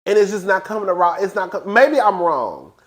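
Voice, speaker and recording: A man reviewing a reality TV episode in casual, animated, gossipy commentary. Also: a little fast. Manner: animated, gossipy, acts out quotes in high voices.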